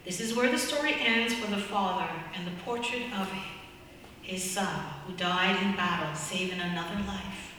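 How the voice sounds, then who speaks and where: A woman preaching, telling a story in a steady sermon style. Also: mid-range voice, moderate pace, a little hiss or hum. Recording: echoey hall from far off.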